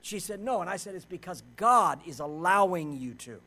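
Middle-aged male pastor, high-pitched; delivers a sermon, loud at times, quiet at others. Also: lively intonation, moderate pace, low-quality recording. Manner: swings between loud preaching and quiet storytelling.

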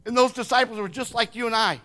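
An older man preaching a sermon, impassioned, swinging from hushed words to shouting. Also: very high voice, quick pace.

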